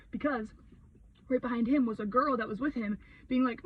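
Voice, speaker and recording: A young woman vlogger ranting a story in a heated, sweary, expressive way, full of fillers. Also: fairly high pitch, brisk, husky, distant mic, highs cut off.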